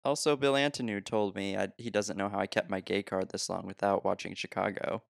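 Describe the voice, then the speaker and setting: Low gravelly young man, joking podcast host. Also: steady tone, a little fast, no room sound, studio quality. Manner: joking, swears, laughs often. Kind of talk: casual movie podcast banter.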